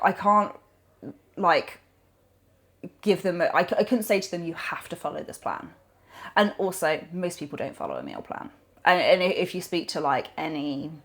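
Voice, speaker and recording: A woman talks as a guest on a podcast, animated and chatty, full of fillers and self-corrections. Her voice sits fairly low, with a gravelly, creaky texture. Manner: animated, rambling with many fillers. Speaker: nutrition coach, podcast guest. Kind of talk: conversational podcast interview.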